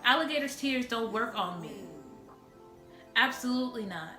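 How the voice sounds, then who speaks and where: A woman vlogger speaks bluntly and passionately straight to her viewers, her fairly high voice ringing in an echoey room. Music plays clearly underneath her. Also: lively intonation, normal speed, pushed and bright. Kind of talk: impassioned direct-to-camera rant.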